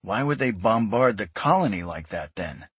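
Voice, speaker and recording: Guy doing a quiet nervous first officer, dry close sound. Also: on the low side, expressive, normal speed, breathy edge, no echo, heavily acted. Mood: uneasy. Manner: soft and questioning. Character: uneasy male first officer.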